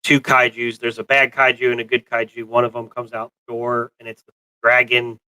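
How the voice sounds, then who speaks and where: A man's voice: mid-range voice, monotone, a little fast, sharp tone, clear, resonant tone, dry recording, low-quality recording. A man co-hosting a casual movie review chat, rambling with many fillers and restarts. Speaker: co-host of a pop culture show.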